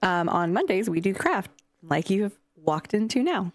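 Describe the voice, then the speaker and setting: A woman's voice: medium pitch, very animated, moderate pace. A young adult woman streamer chatting casually and scatteredly with her chat, swearing now and then. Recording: faint music behind.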